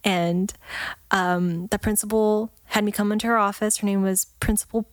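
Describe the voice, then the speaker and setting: A woman guest on a podcast, telling a story in lively casual chat, laughing often and acting out the voices of the people in it. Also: mid-range voice, moderate pace, no echo. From Texas, USA. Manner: animated, laughs often, acts out quoted voices.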